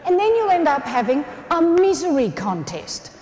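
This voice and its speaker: Animated Australian woman keynote speaker. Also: high-pitched, normal speed. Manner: animated, playful, acts out quoted voices. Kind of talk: comedic motivational keynote. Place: large conference hall. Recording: echoey hall, faint ambience.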